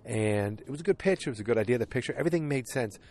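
A man's voice: medium pitch, lively intonation, racing, darkish tone. A man chatting casually outdoors on a windy evening, rambling through a recap of a TV episode and acting out the characters' lines as he goes.

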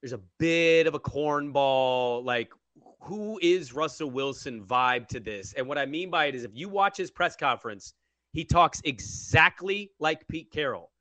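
A man's voice: a little high, lively intonation, measured pace, bright, forceful tone, no room sound. A man hosting a sports talk show, bluntly mocking what he has just heard. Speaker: radio sports host.

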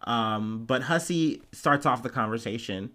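Male vlogger, middling pitch, chatty and rambling commentary. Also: measured pace. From United States. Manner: rambling, filler-heavy, animated retelling. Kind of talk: casual commentary vlog.

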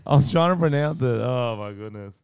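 A man's voice: mid-range voice, animated, fairly quick, gravelly, heavy background noise. A man co-hosting a casual podcast, giggly and playful, bantering with his co-host.

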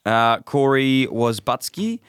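A man's voice: mid-range voice, sing-song, slow pace, fairly bright tone, clear, resonant tone, dry recording, studio quality. Australian man reading listener messages. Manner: reads listener messages, laughs often. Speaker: podcast co-host. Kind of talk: casual sports chat.

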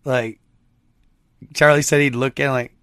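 A man's voice: mid-range voice, level tone, moderate pace, fairly bright tone, dry recording, studio quality. A man talking casually with his viewers, telling a rambling story full of slang. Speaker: streamer chatting with viewers. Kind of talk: casual chat.

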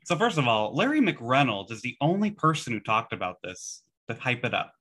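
A man's voice: medium pitch, big pitch swings, fairly quick, a bit bright. A man co-hosting a casual podcast, telling stories animatedly and acting out his own reactions. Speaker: podcast co-host. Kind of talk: casual chat.

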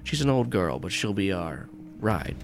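A hammy, grizzled old pirate captain, as a man puts him on, hearty and jolly with a gravelly, low voice. Faint music plays under him. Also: big pitch swings, normal speed, exaggerated voice. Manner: hearty pirate talk, hams it up.

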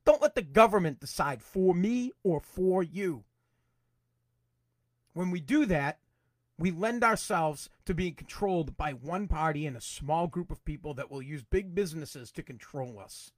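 A man hosting his own podcast, ranting angrily about politics, swearing and repeating himself, at times breaking into shouts. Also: fairly high pitch, expressive, unhurried, no echo, studio quality. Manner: angry, profane, repetitive, shouts in bursts. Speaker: podcast host. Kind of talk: political rant.

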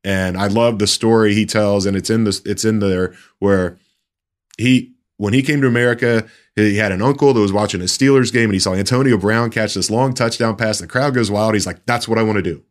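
A sports reporter talking in casual podcast chat, telling a story in a halting way with many restarts. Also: male voice, fairly low pitch, fairly even intonation.

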